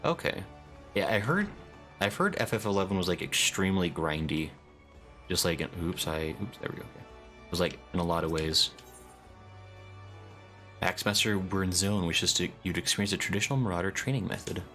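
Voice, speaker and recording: Man, deep voice, casual game streamer, chatty, reads chat aloud, faint game music. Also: lively intonation, brisk, pauses often, sharp tone. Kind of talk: casual live-stream commentary.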